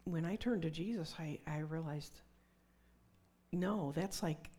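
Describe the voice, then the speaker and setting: A woman's voice: low-pitched, slow pace, dark tone. A middle-aged woman preaching a conversational sermon with personal testimony, dropping to whispers for emphasis.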